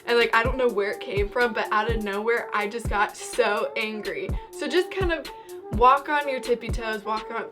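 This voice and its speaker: A young woman talks straight to her viewers in a loose, rambling way, a little short of breath. Her voice sits a touch high. Music plays clearly under her speech. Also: normal speed. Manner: chatty, rambling, upbeat. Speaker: vlogger. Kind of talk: casual advice vlog.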